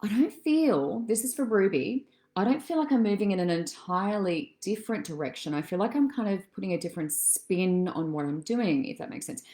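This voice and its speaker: A woman as a psychic medium doing a live-stream reading. She chats with viewers, calls them darling and love, and wanders through her thoughts with soft fillers. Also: mid-range voice, animated, fairly quick. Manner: chatty and meandering, many soft fillers.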